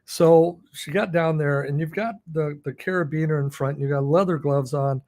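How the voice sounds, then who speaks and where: A man's voice: fairly high pitch, normal speed, a little mellow, no echo. A man co-hosting a podcast, telling a story in a casual chat and chuckling often. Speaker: podcast co-host.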